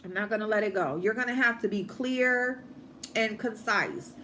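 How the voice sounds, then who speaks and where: A woman's voice: mid-range voice, sharp tone, slight background noise. Blunt, profane woman ranting to camera. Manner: blunt, profane, confrontational, drawn-out emphatic lines. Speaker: vlogger host. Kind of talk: casual ranting livestream chat.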